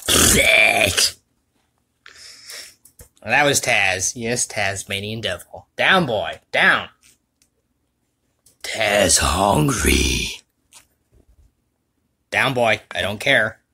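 A young man rambling through a casual livestream chat, self-mocking and quick to laugh, recorded at home on a computer mic. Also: on the low side, expressive, pushed and bright. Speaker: vlogger and voice dubber.

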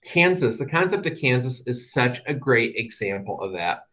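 A man's voice: mid-range voice, very animated, normal speed, a bit bright, poor audio. A man giving a talk as a guest speaker, telling stories with a wry, humorous touch and plainly explaining his points. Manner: wry, humorous storytelling with dry asides. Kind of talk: storytelling presentation to an audience.

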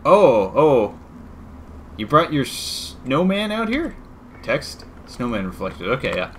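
A man's voice: medium pitch, big pitch swings, takes it slowly, a little hiss or hum. A man giving casual gameplay commentary with joking, sarcastic asides. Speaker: video game let's-player.

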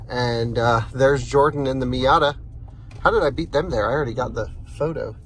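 A man's voice: mid-range voice, fairly bright tone. A man hosting a road test, chatting casually as he tows a trailer and talks through each step. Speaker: host of an EV towing test. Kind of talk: casual vlog narration while driving and towing. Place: inside a truck and at a charging station. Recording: faint vehicle and outdoor noise.

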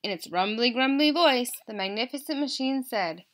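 Expressive woman reading a children's storybook. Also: on the high side, moderate pace, few pauses. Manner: expressive, asks listeners questions. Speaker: elementary school teacher. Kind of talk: storybook read-aloud for children.

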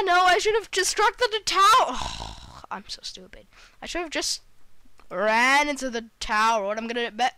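Excitable chatty young woman gaming. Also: fairly high pitch, no room sound. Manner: chatty and excitable, filler-heavy, self-deprecating. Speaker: let's play gamer. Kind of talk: gameplay commentary.

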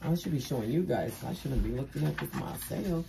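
Low-voiced woman gushing over craft mail. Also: animated, brisk, vocal fry, music in the background. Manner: gushing, exclamatory, repeats phrases; swings between soft murmurs and loud squeals. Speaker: crafting vlogger. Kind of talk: casual unboxing chat to camera.

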